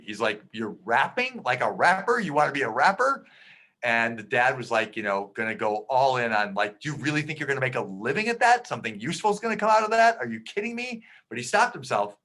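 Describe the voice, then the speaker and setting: A middle-aged man talks to parents in an easy, conversational way, often restarting his sentences as he tells a story. His voice has a bright, forward edge, and he speaks with earnest warmth of purpose rather than polish. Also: mid-range voice. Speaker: clinical psychologist speaking at a parenting webinar. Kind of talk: informal talk with storytelling.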